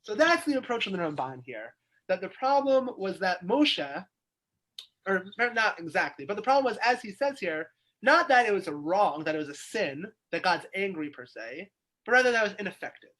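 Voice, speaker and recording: A man's voice: sits high, big pitch swings, normal speed, bright, forceful tone. A man, teaching a weekly Torah class as a rabbi over a video call, explaining by asking questions aloud. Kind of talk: lively text study lecture.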